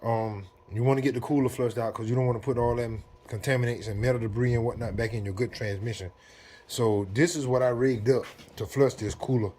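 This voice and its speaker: A man's voice: medium pitch, fairly even intonation, brisk, darkish tone, a little hiss or hum. A man, talking viewers through a car repair step by step in a casual, easygoing way while working in a garage. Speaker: DIY mechanic. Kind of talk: casual how-to narration.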